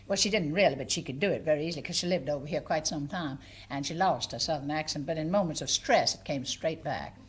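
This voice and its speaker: A woman's voice: sits low, fast, slight background noise. An older woman entertainer telling anecdotes to a theatre audience, chatty and amused, with small hesitations. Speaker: stage entertainer and monologue writer. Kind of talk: anecdotal stage talk. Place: live theatre before an audience.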